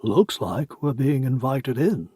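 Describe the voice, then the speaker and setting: A man voicing a male civilian doctor who speaks slowly and wryly. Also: medium pitch, lively intonation, mellow, husky, no room sound, clean studio sound.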